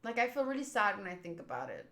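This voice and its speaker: A woman's voice: mid-range voice, sing-song, fast, bright, forceful tone. A young woman hosting a casual manga readthrough, chatty and self-mocking. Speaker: manga reader, channel host.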